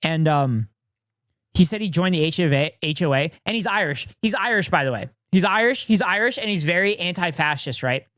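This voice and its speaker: A man's voice: sits high, animated, brisk, a bit bright, dry recording, studio quality. A man streaming from home, reacting to videos in casual chat, swearing freely and telling stories. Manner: profane, riffing and storytelling.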